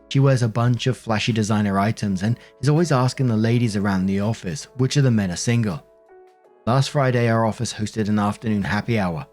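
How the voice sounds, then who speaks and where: A man with a fairly low voice reads online stories and then muses on them in a loose, conversational way, dotted with "you know" fillers. Soft music plays quietly underneath his narration. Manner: conversational, reflective, many fillers. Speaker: narrator and commentator. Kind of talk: reading online stories with commentary. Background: faint background music.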